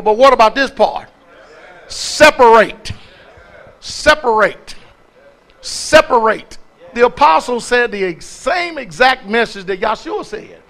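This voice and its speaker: A man's voice: very high voice, bright, forceful tone. A man preaching from the pulpit. He throws questions at the congregation and hammers single words again and again. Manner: call-and-response, repeating words for emphasis. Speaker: pastor. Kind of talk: preaching sermon.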